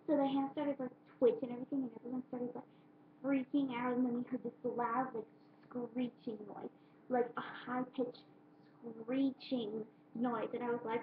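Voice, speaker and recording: A high-pitched young woman tells a story to her webcam, stumbling through restarts and piling on "like" at every turn. The sound is thin and tinny, as if through a phone line, and bounces around a roomy space. A faint hiss sits under her voice. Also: flat delivery, moderate pace. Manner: rambling with constant "like" fillers and restarts. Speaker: vlogger. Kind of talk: rambling storytelling. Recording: thin phone-like webcam audio in an echoey room.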